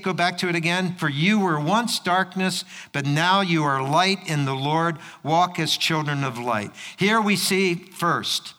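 High, bright-voiced preacher in a hall. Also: male voice. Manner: storytelling, acting out voices in anecdotes. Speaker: pastor. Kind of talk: sermon.

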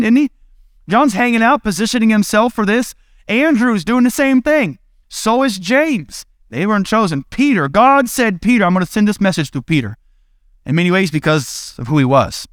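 A man preaches in a relaxed, chatty way, breaking into playful retellings of Bible scenes. His voice sits high and sounds smooth and clear. The recording is close and dry. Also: dry recording. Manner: conversational, playful, laughs at his own retellings. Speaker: pastor. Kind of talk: casual sermon with acted-out Bible scenes.

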